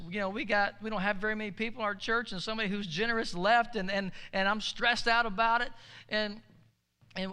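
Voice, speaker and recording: Male pastor, high clear voice, storytelling sermon, echoey hall. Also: fast, bright, forceful tone. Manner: storytelling, conversational preacher with call-and-response.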